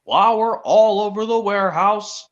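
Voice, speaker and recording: A man voicing Sir Topham Hatt, a stern, cross male railway boss, scolding slowly and drawn out. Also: high voice, voice pushed up. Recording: dull lo-fi stream audio.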